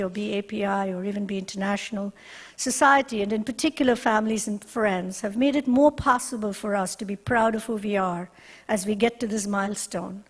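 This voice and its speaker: A woman directing a university resource center, giving an earnest, measured ceremony speech with deliberate pauses. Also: medium pitch, in a large hall. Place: ceremony hall.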